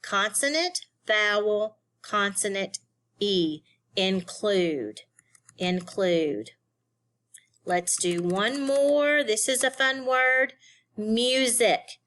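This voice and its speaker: A woman's voice: medium pitch, lively intonation, extremely slow, a bit bright. A woman teaching a phonics lesson to young students, sounding out syllables and spelling words letter by letter.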